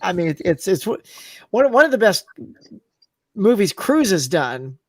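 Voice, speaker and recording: A man's voice: sits high, big pitch swings, measured pace, breathy edge, no room sound. A man chatting as a guest on a casual livestream panel, enthusiastic and stumbling over his words.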